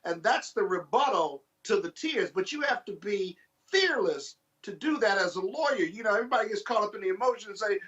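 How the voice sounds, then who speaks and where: A man commenting on a panel in a forceful, explanatory, lawyerly way. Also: sits high, lively intonation, fairly quick. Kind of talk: panel discussion. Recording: dull lo-fi remote audio.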